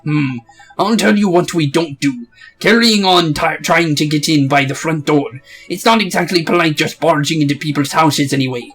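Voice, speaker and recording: A man's voice: fairly high pitch, normal speed, fairly bright tone, husky, soft background music. A man voicing a chatty, cheeky male fairy companion, full of blunt, folksy slang, in a game playthrough. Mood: serious.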